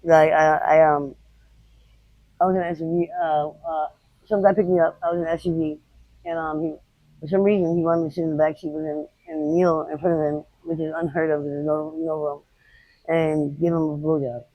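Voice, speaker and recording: A woman interviewed outdoors on the street, recounting her experiences in a blunt, unfiltered way with halting restarts. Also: deep voice, flat delivery, no room sound, lo-fi sound. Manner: rapid, halting retelling. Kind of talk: candid personal storytelling.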